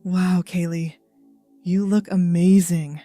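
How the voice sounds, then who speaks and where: A woman reading a story voices a kind, supportive friend in a soothing, slightly lower and quieter tone. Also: lively intonation, moderate pace, no echo, faint music behind, close to an everyday voice. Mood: gentle.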